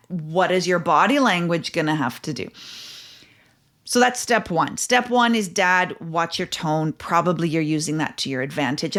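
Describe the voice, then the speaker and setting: A middle-aged woman talks parents through their problems as a podcast host. Her voice sits in a mid-range pitch. She explains through stories and simple numbered steps. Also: a bit bright. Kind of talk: casual advice monologue.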